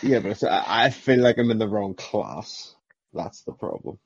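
A man's voice: on the low side, animated, normal speed, vocal fry, breathy edge, dry recording, dull audio. A man guesting on a podcast as a sim racing driver, modest and a little bemused about his wins. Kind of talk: casual chat.

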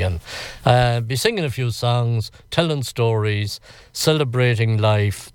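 A man's voice: lowish voice, a little mellow, clean tone, no echo. An older Irish man telling stories from his past in a rambling, reflective interview. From Ireland. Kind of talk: reflective storytelling.

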